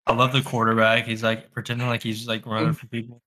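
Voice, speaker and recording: A man joins a podcast as a guest, keeping things laid-back with quick, dry quips. His voice has a bright, sharp edge and sits at an ordinary pitch for a man. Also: low-quality recording. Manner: laid-back, short dry one-liners. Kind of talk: casual podcast chat.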